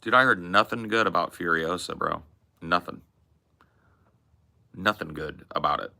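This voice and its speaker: A man's voice: sits low, a little slow, creaky, sharp tone. A man hosting a podcast, riffing in casual, profane and emphatic chat about movies. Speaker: podcast host.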